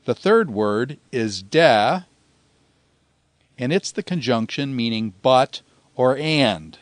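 A man gives a deliberate, unhurried language lesson, stretching out each phrase so it can be repeated after him. His voice sits at an ordinary middle pitch. It is recorded close and dry, with no room sound. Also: lively intonation, no echo. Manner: measured, pausing often, drawn-out Greek phrases for repetition. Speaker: Greek teacher. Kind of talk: slow, deliberate grammar lecture.

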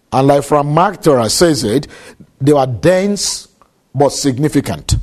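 A man preaching a sermon, measured and deliberate, repeating key phrases for emphasis. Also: a little high, darkish tone.

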